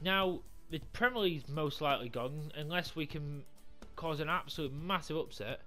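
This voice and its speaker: A young gaming YouTuber gives live commentary on his football video game career mode, swearing a lot, yelling in frustration when things go wrong and muttering calmly between games. His voice is a little high and moderately paced, with faint music playing behind him.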